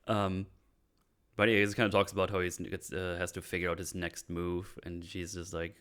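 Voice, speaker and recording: Deep-voiced man rambling through a recap. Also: little pitch movement, normal speed, fairly bright tone, clean tone. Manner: rambling, swears freely, laughs often. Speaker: podcast host. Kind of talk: casual episode breakdown chat.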